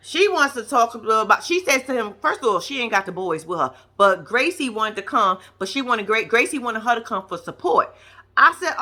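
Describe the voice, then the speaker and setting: A woman with a fairly high, bright, sharp-edged voice gives casual reaction commentary. She is blunt and profane, and she scolds the people on screen directly as if they could hear her. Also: sing-song, fairly quick. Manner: blunt, profane, talks straight at the characters. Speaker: reality TV reaction vlogger.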